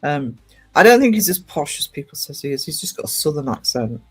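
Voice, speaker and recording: A man chats casually on a live stream. He rambles with plenty of ums and false starts, his voice pitched a little above the usual male range. Soft music plays faintly behind him. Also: very animated, fairly quick, slightly rough. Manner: rambling and chatty, with many ums and restarts.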